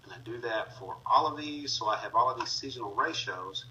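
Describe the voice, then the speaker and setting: An instructor teaching a class narrates each step of a screen-recorded spreadsheet tutorial as he clicks along, using frequent fillers. His medium-pitched voice is a little fast, with highs cut off, picked up by a distant mic with faint noise.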